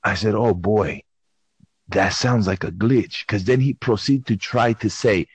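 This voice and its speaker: A husky man rambles through an absurd tall tale with theatrical flair. He drops into hushed whispers and mock voices as he goes. The sound is dry and close, with no room around it. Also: on the low side, unhurried, no room sound. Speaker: caller telling a comic story. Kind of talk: playful improvised storytelling.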